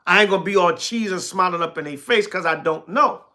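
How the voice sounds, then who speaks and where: High, bright-voiced preacher answering his chat. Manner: reads scripture slowly, then talks back to commenters in blunt, repetitive bursts. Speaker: elder teaching scripture on a livestream. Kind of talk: sermon mixed with casual replies to live chat.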